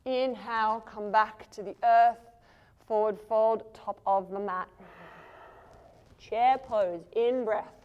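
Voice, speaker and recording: A woman leads a yoga flow, calling poses and breaths in a measured, slow cadence. Her voice sits slightly high, and she is breathing heavily as she moves through the poses with the class. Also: clean tone, muffled recording. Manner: calm cueing of poses and breath. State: breathing heavily while moving. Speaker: yoga teacher.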